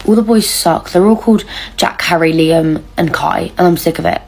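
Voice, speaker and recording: A woman's voice: lowish voice, moderate pace, vocal fry, a little mellow. A young woman from England ranting to camera in a whiny, swearing, comic way. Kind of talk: casual rant to camera.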